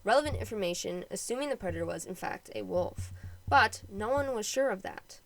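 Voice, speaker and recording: A woman's voice: mid-range voice, animated, fairly quick, vocal fry, low-quality recording. A woman narrates a history episode for her own podcast, reading from a script. She keeps slipping into casual, joking asides between the read passages. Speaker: podcast host.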